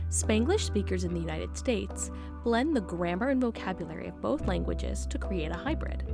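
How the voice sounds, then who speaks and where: Woman narrator, scripted read, clear music bed underneath. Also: medium pitch.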